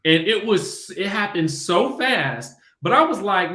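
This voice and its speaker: Animated man hosting a chat. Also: high-pitched, roomy sound. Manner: animated, quick, laughs often. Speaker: podcast host. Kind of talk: casual chat.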